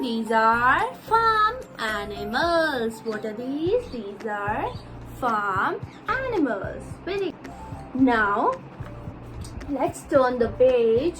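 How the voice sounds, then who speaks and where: A woman teacher giving an online lesson to small children, slowly spelling out words letter by letter and having them repeat. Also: sits high, rough recording. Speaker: nursery school teacher.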